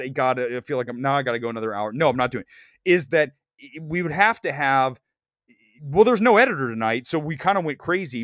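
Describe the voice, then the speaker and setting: A man from Ohio hosting a live movie talk stream, loud, outspoken and jokey, breaking into mocking voices now and then. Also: fairly high pitch, no room sound, studio quality. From Ohio, United States. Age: adult. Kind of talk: casual live-stream rant.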